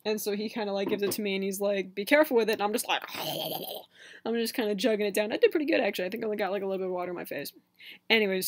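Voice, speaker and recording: A man's voice: high voice, gravelly, no room sound. A young man telling a story on his vlog in a casual, chatty way, full of fillers and laughs. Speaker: vlogger.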